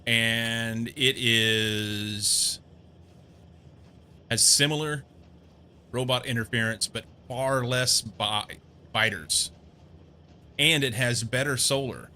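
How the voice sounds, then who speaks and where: A man's voice: medium pitch, slow pace, long pauses, bright, forceful tone, a little hiss or hum. A man casually commenting on his game as he plays, rambling and amused, thinking aloud. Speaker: gameplay streamer.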